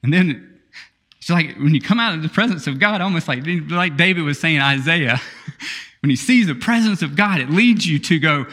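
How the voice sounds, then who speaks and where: A man preaching a sermon, reading scripture with laughter and quiet asides. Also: on the high side, animated, normal speed, long reverb tail. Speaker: pastor.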